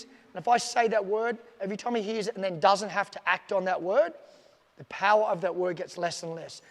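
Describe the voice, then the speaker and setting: Emphatic high-voiced male dog trainer. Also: long reverb tail. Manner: emphatic, repetitive, demonstrates commands aloud. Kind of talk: casual instructional video talk.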